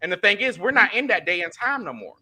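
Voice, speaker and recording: A man's voice: high-pitched, big pitch swings, fast talker, bright, forceful tone. A man co-hosting a casual podcast chat. He talks animatedly and keeps repeating and restarting his phrases. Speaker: podcast co-host.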